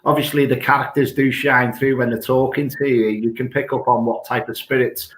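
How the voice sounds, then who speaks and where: A man's voice: mid-range voice, flat delivery, a little fast, a bit bright. British man, host, long rambling questions, roomy echo. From United Kingdom. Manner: rambling questions with repeated restarts. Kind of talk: casual interview chat.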